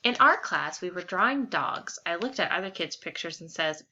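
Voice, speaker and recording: Lively woman teacher reading aloud. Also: on the low side, moderate pace. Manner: warm, expressive, animated storytelling. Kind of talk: reading a picture book aloud to children. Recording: slightly dull lo-fi with faint hiss.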